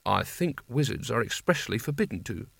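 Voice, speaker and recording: A man voicing a calm, composed young woman who speaks in a cool, understated way. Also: a little high, brisk, no echo, clean studio sound, pitched above the performer's own voice. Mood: sly.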